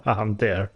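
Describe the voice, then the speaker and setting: A man commentates casually on his gameplay, with a lowish voice. He makes wry, joking asides as he plays. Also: husky. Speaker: gameplay streamer.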